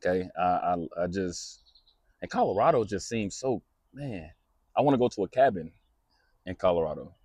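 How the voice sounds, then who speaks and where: A man's voice: sits low, expressive, moderate pace, dark tone, breathy edge, no room sound. A man hosting a casual podcast chat, talking in a rambling way with many restarts. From United States. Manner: rambling, many restarts, laughs at own jokes. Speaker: podcast host.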